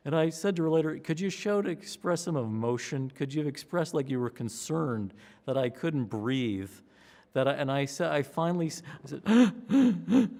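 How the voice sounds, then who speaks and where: A man, a pollster, recounting a campaign story in an interview, acting out his own excitement with gasps and a raised voice. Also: medium pitch, normal speed, vocal fry. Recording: long hall reverb.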